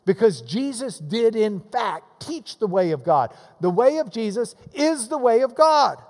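A pastor delivers a sermon in a high, bright voice. He preaches with animation and acts out the voices of the people in his readings. A long reverb from the hall trails behind him. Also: sing-song, a little slow.

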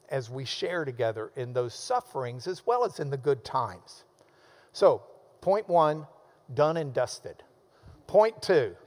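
Lively high-voiced pastor preaching. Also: male voice, in a large hall. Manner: enthusiastic, emphatic teaching with playful asides. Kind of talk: sermon.

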